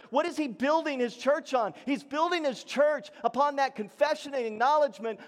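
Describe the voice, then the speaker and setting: A male pastor preaching a sermon, swinging between raised emphatic lines and low, hushed ones. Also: normal speed, hardly any pauses, big-room sound.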